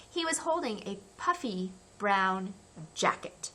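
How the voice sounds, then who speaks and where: A woman reads a children's chapter book aloud, taking her time with each line. Her voice is bright and clear, and she leans into the drama of the scenes. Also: mid-range voice, measured pace. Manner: expressive, acts out the characters' cries. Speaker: audiobook narrator. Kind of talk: scripted narration of a children's novel.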